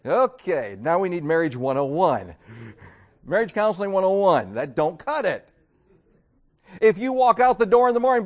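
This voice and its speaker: A pastor preaches a sermon to his congregation in a high voice that leaps across a wide range with big pitch swings. He keeps slipping into exaggerated, mocking voices to act out his points, speaking at normal speed with long pauses.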